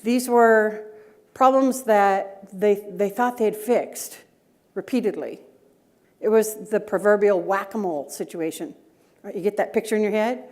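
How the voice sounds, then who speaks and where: A woman's voice: mid-range voice, unhurried, a little mellow. A middle-aged woman giving a conference breakout talk, telling stories and asking the audience rhetorical questions. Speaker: conference speaker, data governance director. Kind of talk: conference talk with personal anecdotes.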